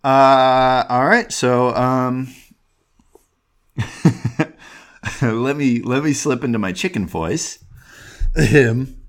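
A man's voice: medium pitch, drawn-out words, long pauses, smooth. A man hosting a solo podcast from his desk, rambling and self-deprecating with lots of ums and restarts. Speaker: podcast host.

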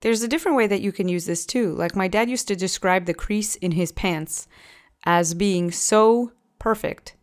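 A woman hosting a language podcast, teaching phrases with patient, clear pronunciation drills. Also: lowish voice. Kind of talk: scripted language lesson.

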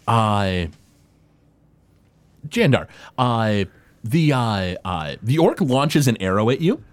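A man's voice: medium pitch, big pitch swings, slow, slight background noise. A man narrating as game master of a tabletop game, loose and chuckling, with frequent hesitations.

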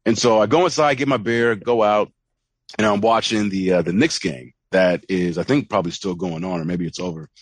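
A podcast co-host chats casually and tells an animated story, acting out lots of quoted voices. His voice is on the low side and a little fast.

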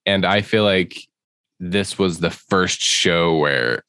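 A male podcast host with a gravelly, hoarse voice from being sick, chatting casually and playfully with friends. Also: low-pitched, slow pace, bright, forceful tone. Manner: upbeat, playful.

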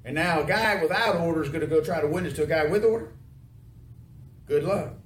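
A man's voice: fairly high pitch, brisk. A man preaching a sermon in a folksy way, often asking his congregation questions. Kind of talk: sermon with call and response. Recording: echoey room, mic from far off, noisy.

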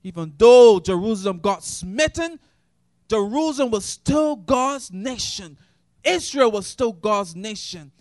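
Impassioned high-voiced preacher. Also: male voice, lively intonation, unhurried, no room sound, clean studio sound. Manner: impassioned preaching, swinging from shouts to hushed tones. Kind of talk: sermon.

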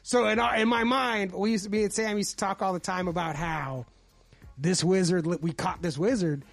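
A man's voice: high-pitched, normal speed, gravelly, faint music behind. A man hosting a podcast, telling a story in casual chat with frequent swearing and laughter. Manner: animated, laughing, swears often. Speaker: podcast host.

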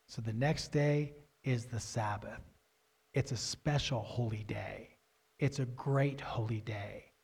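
A man preaching a sermon, asking questions and answering them himself, building to loud, emphatic stresses. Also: slightly rough. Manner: grows loud and emphatic, rising pitch when stressing points.

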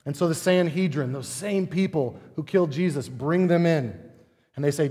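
A man preaches with a fairly high voice that rings out through a hall with long reverb. He talks animatedly, asking rhetorical questions and hammering his points with drama. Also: normal speed, mellow. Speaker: pastor. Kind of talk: sermon.

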